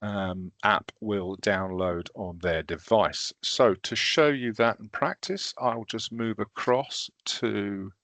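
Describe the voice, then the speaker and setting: A man leading a recorded training session, walking through teaching software step by step in a casual, self-deprecating way. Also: fairly low pitch, takes it slowly, few pauses, dry recording.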